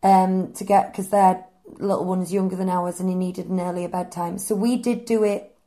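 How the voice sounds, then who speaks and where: A woman's voice: fairly low pitch, fairly even intonation, normal speed, warm tone. A woman co-hosting a podcast, telling stories in a chatty, enthusiastic way. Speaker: podcast co-host. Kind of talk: casual chat.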